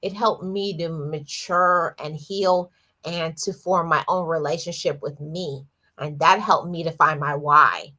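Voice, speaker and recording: Slow, bright-voiced woman livestream host. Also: sits low, fairly even intonation. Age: adult, lost her father at eighteen years ago. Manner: earnest, repeats words and restarts, speaks of herself openly. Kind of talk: reflective personal talk on a livestream.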